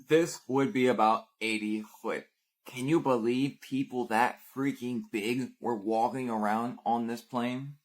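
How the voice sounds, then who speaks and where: A man's voice: mid-range voice, fairly even intonation, a little slow. A man giving a speculative monologue to viewers in a short video, in a conspiratorial manner full of leading questions.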